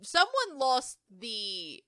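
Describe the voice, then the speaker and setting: A woman's voice: high-pitched, extremely slow, clear, resonant tone, dry recording. A young woman co-hosting a podcast in casual chat, opinionated and running through a countdown list. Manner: animated, opinionated, runs the song list. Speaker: podcast co-host.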